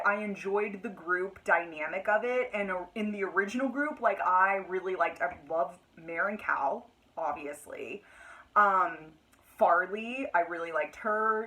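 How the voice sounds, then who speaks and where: In a casual reading vlog, a young woman with a mid-range voice talks emotionally and dramatically about a book she has just finished. She uses frequent fillers, and the recording sounds rough.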